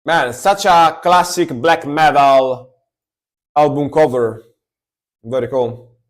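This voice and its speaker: A man's voice: a little high, slow pace. A man, chatting casually and rambling as he reacts to music on a live stream. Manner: chatty, rambling, lots of fillers.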